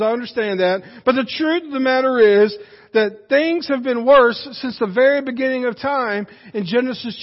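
A man preaching a sermon as a pastor, folksy and joking. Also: very high voice. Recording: dull lo-fi audio with long church reverb.

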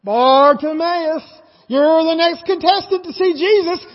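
A booming, high-pitched male game show announcer, put on by a preacher, stretching his shouted calls in long, drawn-out bursts. The sound is dull and rings with a long hall echo. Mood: hyped.

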